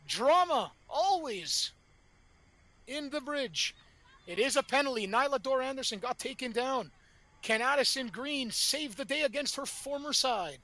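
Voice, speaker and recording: An excitable male play-by-play commentator calls the action live in a very high, bright voice that cuts through, yet his pace is unhurried. Whenever a chance comes he rises to shouts, and he sprinkles his speech with colorful catchphrases.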